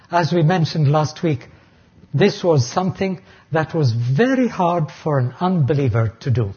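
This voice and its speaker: A man's voice: fairly high pitch, a little mellow, slightly rough. A man preaching a sermon, earnestly explaining terms and sometimes restarting phrases. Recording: dull lo-fi recording.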